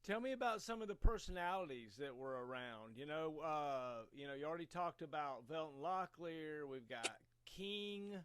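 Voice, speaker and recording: A man's voice: fairly high pitch, expressive, moderate pace, hardly any pauses, a crowd in the background. A man hosting a podcast, asking interview questions in a casual, laid-back way. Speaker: podcast host.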